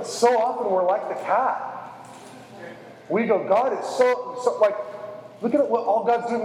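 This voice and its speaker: Male preacher, high voice, earnest and repetitive, self-deprecating; reverberant hall sound. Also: a little mellow. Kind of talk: sermon.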